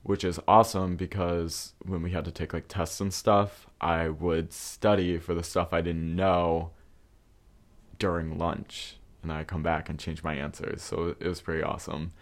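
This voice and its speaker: Young male podcast host with a deep voice, relaxed and profane storyteller. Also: a little slow. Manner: candid and profane, with frequent fillers. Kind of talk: casual storytelling.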